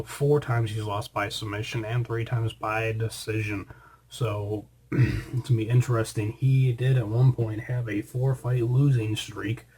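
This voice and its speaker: A man's voice: fairly low pitch, darkish tone, slight background noise. A man hosting a casual fight prediction show, chatty and rambling, with joking asides to his co-host.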